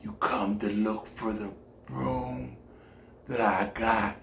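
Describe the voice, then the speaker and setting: A man voicing a quiet old man of about seventy-nine who speaks low and slowly in a half whisper. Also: steady tone, creaky, a little hiss or hum, exaggerated voice. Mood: slow, hushed. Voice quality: low, hushed, drawn-out. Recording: roomy echo.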